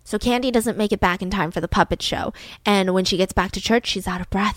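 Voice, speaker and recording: A young woman hosting a podcast, narrating a true-crime story in a casual, animated way and acting out scenes between her own asides. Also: medium pitch, quick pace, no room sound. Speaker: podcast host.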